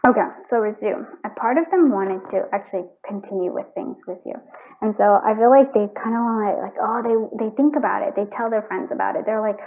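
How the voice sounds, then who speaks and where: A woman's voice: medium pitch, steady tone, a little fast. Chatty woman on a thin, phone-like line. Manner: rambling and chatty, full of "like" and frequent laughter. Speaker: tarot card reader. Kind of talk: casual pick-a-card tarot reading. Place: at home with her cats.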